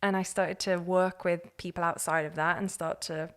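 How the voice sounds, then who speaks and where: A woman, a podcast guest telling her own story in an earnest, animated way. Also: on the low side, moderate pace. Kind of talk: candid personal story.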